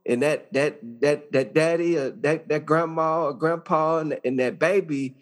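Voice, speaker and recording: A man's voice: on the high side, steady tone, measured pace. Folksy man, stumbling repeats. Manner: repeats words while finding his phrasing. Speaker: guest, judge. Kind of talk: conversational podcast interview.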